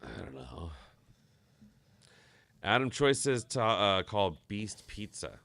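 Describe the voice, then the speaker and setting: A man's voice: lowish voice, very animated, slow, a bit bright, dry recording. A man hosting a live stream, chatting casually, reading viewer comments aloud and swearing offhand. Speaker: stream host.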